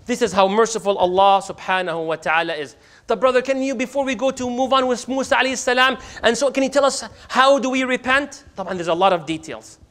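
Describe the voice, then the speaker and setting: A man teaching a religious class to a live audience, telling stories with humor and acting out the dialogue. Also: very high voice. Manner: animated, humorous, acts out dialogue. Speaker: Islamic teacher. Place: mosque hall with a live audience.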